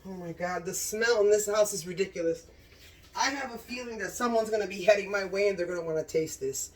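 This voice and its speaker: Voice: medium pitch, a little fast, far from the mic. A home cooking channel host in a casual cooking vlog, gushing with enthusiasm about the food, recorded in a home kitchen.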